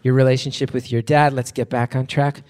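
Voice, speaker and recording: A man's voice: medium pitch, flat delivery, a little fast, darkish tone, smooth, in a large hall. An American man hosting a live phone-in show, playful and rambling, joking at his own expense. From United States. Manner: playful, rambling, self-mocking. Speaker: host.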